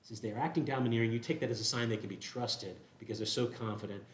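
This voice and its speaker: A man's voice: medium pitch, steady tone, fast, reverberant, a little hiss or hum. A male pastor preaching a sermon in a church, explaining a passage in a conversational way and asking rhetorical questions. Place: church sanctuary.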